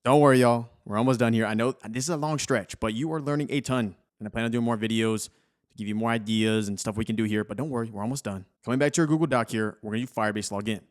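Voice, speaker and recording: A man's voice: mid-range voice, fairly even intonation, fast talker. Casual young man walking through code. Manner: casual, encouraging, talks viewers through steps. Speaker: coding tutorial host. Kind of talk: screen-recorded software tutorial.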